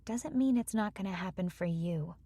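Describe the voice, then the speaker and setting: A woman's voice: mid-range voice, expressive, normal speed, warm tone, breathy edge, dry recording. A woman voicing a bold, brash young escort who talks in a sassy, cheeky way. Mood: teasing.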